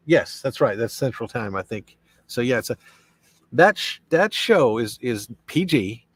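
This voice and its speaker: Unhurried and friendly, this live-stream host reads out viewer comments and responds, rambling along with plenty of fillers and restarts. His medium-pitched voice swings widely in pitch, and the recording is dry.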